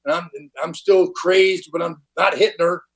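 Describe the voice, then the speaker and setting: An older man, high-pitched for a man, telling his recovery story in a blunt, candid way. He talks in plain slang and restarts his sentences often. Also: level tone, normal speed, creaky, fairly bright tone, poor audio. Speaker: recovery meeting speaker. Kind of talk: personal recovery testimony. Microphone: online conference talk.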